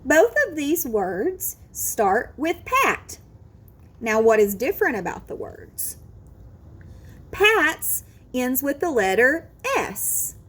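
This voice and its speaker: Female teacher, slightly high voice, deliberate pace, encouraging children's phonics lesson. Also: bright, forceful tone. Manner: slow, clear, encouraging modelling of word sounds.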